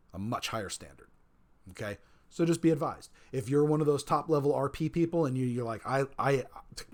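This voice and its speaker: A man talks live to his stream chat in a mid-pitched, everyday voice. He rambles, stumbles through restarts, and keeps repeating his main points for emphasis. He reads viewers' messages aloud as he goes. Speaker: streamer and storyteller of a role-play server. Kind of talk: casual livestream chat.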